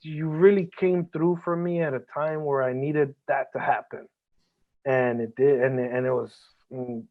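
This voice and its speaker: A man's voice: mid-range voice, steady tone, unhurried. A man as a podcast guest, talking earnestly and emotionally, swearing a lot and often restarting his sentences. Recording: band-limited phone-like audio.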